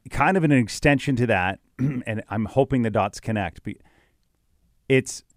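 A man's voice: fairly low pitch, no echo, studio quality. A man co-hosting a podcast, agreeable and reflective in casual chat. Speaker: podcast co-host.

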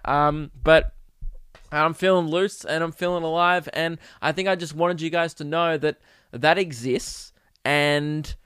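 A man's voice: a little high, a bit bright, clear, resonant tone, dry recording, studio quality. A young man hosting a solo podcast, telling rambling, profane comic stories in a casual chat. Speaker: podcast host. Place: home podcast setup.

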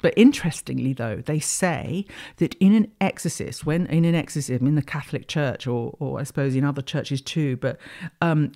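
A woman hosts an astrology podcast, delivering a casual spiritual monologue in which she muses reflectively and rambles, often restarting. Her voice is low and mellow.

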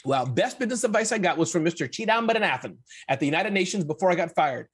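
A man answering as a business guest in casual interview chat, energetic, emphatic and joking. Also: high voice, fast talker, breathy edge. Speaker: guest, entrepreneur.

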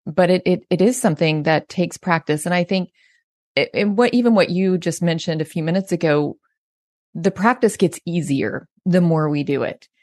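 A woman's voice: on the low side, normal speed, darkish tone, no room sound, clean studio sound. A woman hosting an interview, affirming her guest and thinking aloud. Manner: affirming, thoughtful. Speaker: host. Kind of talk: conversational interview.

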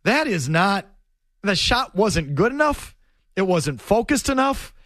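Emphatic, animated man arguing a point. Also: high-pitched, measured pace, dry recording, studio quality. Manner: emphatic, repetitive, argumentative. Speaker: sports talk host. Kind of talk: opinionated sports talk.

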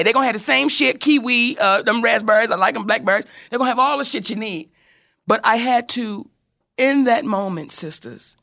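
A woman telling a personal story in casual chat, animated and swearing freely as she acts out what people said. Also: a little high, vocal fry.

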